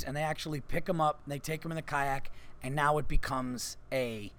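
A man with a slightly high, fairly bright voice hosts a podcast from a comedy club, spinning a long story in casual chat. He talks fairly quickly with fairly even intonation, swearing freely and filling gaps with "like."

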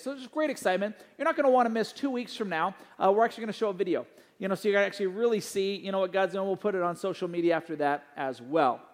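A middle-aged man preaches in a church sanctuary, relaxed and conversational, leaning on fillers and stories. His voice sits unusually high for a man. The sound carries a long hall reverb. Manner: conversational, anecdotal, many fillers. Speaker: pastor. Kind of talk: sermon with announcements.

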